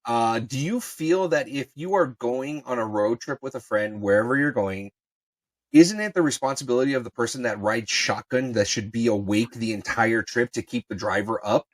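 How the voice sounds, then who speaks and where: A man hosting a podcast at an average pitch, shifting between a loose show intro and teasing, profane jabs at his friends. His voice is recorded close and dry. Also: moderate pace, no echo. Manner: teasing, crude banter. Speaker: podcast host. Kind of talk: casual chat.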